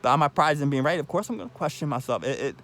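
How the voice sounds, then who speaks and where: A man with a somewhat high voice rambles to the camera in loose, halting speech. He restarts sentences, drops into soft murmured asides and laughs lightly between thoughts. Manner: repeats "I love you" often, halting restarts, sudden soft asides. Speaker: vlogger.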